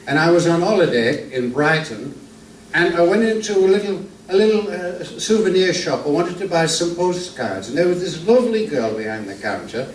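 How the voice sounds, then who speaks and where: A man's voice: high-pitched, voice pushed up. An older man playing an old, henpecked music-hall comedian. He tells jokes in a rambling, stammering patter in a vaudeville routine. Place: theater stage. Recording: echoey stage from a distance, faint room noise.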